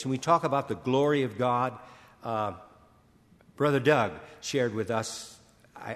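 An older man preaching a sermon, earnest, stammering and repeating words, slowing and swelling on key phrases. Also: medium pitch. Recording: long hall reverb.

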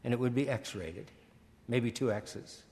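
An older man preaches an earnest sermon, stammering and repeating words, slowing down and swelling on key phrases. His voice is medium in pitch with a darkish tone, and the recording has a long hall reverb.

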